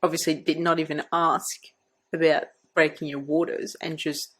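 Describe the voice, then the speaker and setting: Woman, podcast host, low pitch, husky, supportive. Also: little pitch movement, normal speed. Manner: supportive, many soft affirmations. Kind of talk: casual chat.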